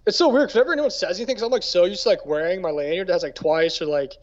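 A man with a high voice tells quick casual stories as a podcast co-host, leaning on "like" constantly. His speech runs fast. The recording sounds dull and lo-fi. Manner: rapid storytelling full of "like". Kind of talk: casual chat. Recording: dull lo-fi mic.

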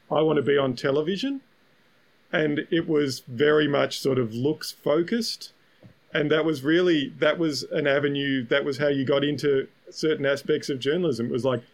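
A man's voice: on the high side, poor audio. A man co-hosting a podcast, explaining at length in a reflective, casual way with many fillers. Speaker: podcast co-host. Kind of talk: casual chat.

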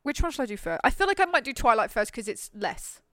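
A woman's voice: a little high, quick pace, no room sound. Chatty woman podcast host. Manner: chatty, animated, jokey. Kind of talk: casual chat.

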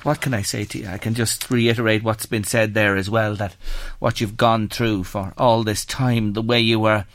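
A man with an Irish accent hosting a radio phone-in, gently reading out listener messages and questioning his guest. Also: lowish voice, fairly even intonation, moderate pace, hardly any pauses, dry recording. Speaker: radio show host.

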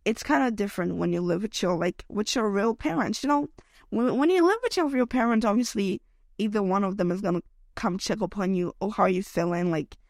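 A woman's voice: medium pitch, dry recording. A young woman talks alone into a close mic, her voice worn down because she is feeling sick. She rambles in a loose, emotional way, tagging her thoughts with "like" and "okay?". The sound is dry and close, with no room around it. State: unwell, voice affected by illness. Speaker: podcast host. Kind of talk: solo podcast rant.

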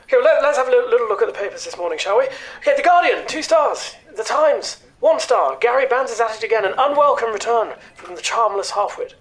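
A performer doing a rattled stage hypnotist who tumbles over his words in a rapid fluster, swearing in between, with a mid-height voice that sits right in the middle for a man. he is touchy and full of himself, a sketch comedy showman who is sure the whole world is against him. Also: medium pitch, expressive, lightly acted. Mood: indignant.

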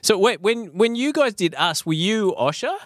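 A man's voice: high-pitched, sing-song, moderate pace, a bit bright, dry recording, clean studio sound. A man interviewing a guest in a casual chat, musing thoughtfully before he asks questions.

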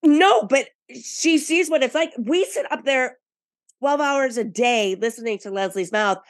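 A woman co-hosting a casual podcast, recapping episodes and acting out what people said in an animated storytelling manner. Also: sits high, a little slow, no room sound, clean studio sound. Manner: animated storytelling, acts out quotes. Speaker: podcast co-host.

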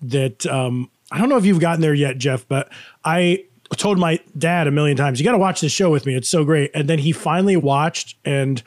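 A man's voice: fairly high pitch, normal speed, dry recording. Chatty man with a dry close sound. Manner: chatty storyteller, laughs often. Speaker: podcast co-host. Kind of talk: casual chat.

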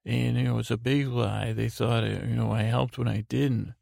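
Mężczyzna o bardzo chropawym głosie. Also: male voice, medium pitch, flat delivery, normal speed, gravelly, a little mellow, dry recording, studio quality. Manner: meandering, full of restarts and fillers. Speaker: podcast host. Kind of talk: rambling bedtime podcast recap.

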